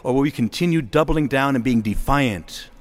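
A man's voice: medium pitch, moderate pace. A middle-aged man preaching a sermon, impassioned and rising to emphatic exhortation.

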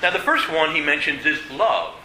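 A man teaching an adult church class, halting with many "uh"s and repeated words, then speeding through his points. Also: on the high side, very animated, sharp tone, slight background noise. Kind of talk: adult faith class lecture. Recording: echoey room, faint ambience.

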